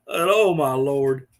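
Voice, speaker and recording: A man's voice: on the high side, a bit bright. A middle-aged man, hosting a casual live stream and telling rambling stories to his viewers with frequent chuckles. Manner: rambling storyteller, chuckling often.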